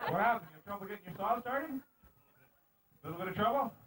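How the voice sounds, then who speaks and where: A fast-talking, animated man with a high voice emcees an outdoor lumberjack show at a mountain arena, joking with and teasing contestants while calling out race commands. Heavy background noise fills the distant, outdoor home-video recording.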